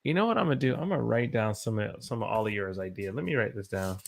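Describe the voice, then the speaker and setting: A young American man, an English teacher, chatting on a live stream, animated and greeting his viewers by name. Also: medium pitch, quick pace, vocal fry, few pauses. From United States. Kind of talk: casual live-stream chat.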